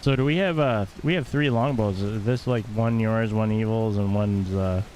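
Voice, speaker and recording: A man chatting casually with a friend while gaming, relaxed and laughing along. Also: on the low side, normal speed, slight background noise, low-quality recording. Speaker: co-player.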